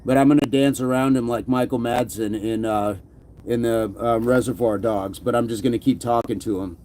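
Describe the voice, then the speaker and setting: A man's voice: mid-range voice, steady tone, normal speed, dark tone, a little hiss or hum. A middle-aged man hosting a casual livestream, reading chat comments and joking, now and then slipping into a mock movie-gangster voice. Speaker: livestream host.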